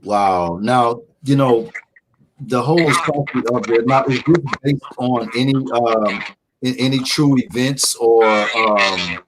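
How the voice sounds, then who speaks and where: A man's voice: medium pitch, takes it slowly, slight background noise, low-quality recording. A man hosting a casual radio interview, laid-back and often chiming in with short replies. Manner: laid-back, frequent backchannels. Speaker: radio show host.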